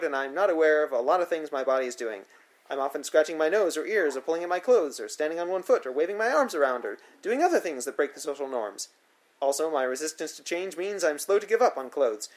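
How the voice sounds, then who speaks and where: A man narrating his own memoir in the first person, with a dry, wry, matter-of-fact delivery. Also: on the high side.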